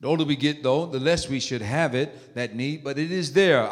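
A man preaching a sermon in a church, emphatic, swinging from soft quoted words to shouted exhortation. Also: medium pitch, moderate pace. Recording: long reverb of a large hall.

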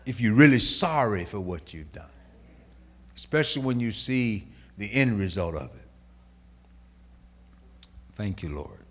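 A middle-aged man preaching a sermon, swinging from shouted lines to hushed asides and acting out quoted voices. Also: mid-range voice.

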